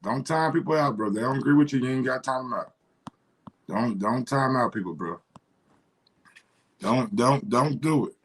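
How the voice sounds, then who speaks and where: A man's voice: mid-range voice, normal speed, pauses often, husky. Frustrated cursing livestream host, man. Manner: frustrated, profane, repeats himself. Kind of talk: casual livestream chat.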